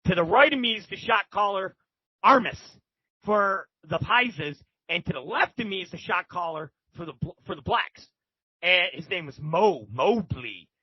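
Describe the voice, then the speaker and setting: A man's voice: sits high, animated, moderate pace, slightly rough, no echo, highs cut off. A man guest telling a story casually and animatedly, swearing freely and acting out other people's lines. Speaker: podcast guest.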